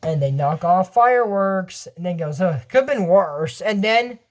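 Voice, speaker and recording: A man's voice: high-pitched, moderate pace, slight background noise. Rambling young man recapping a cartoon. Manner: rambling, restarts, laughs at own jokes, lively reactions. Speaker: channel host recapping a cartoon episode. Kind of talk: casual episode recap with commentary.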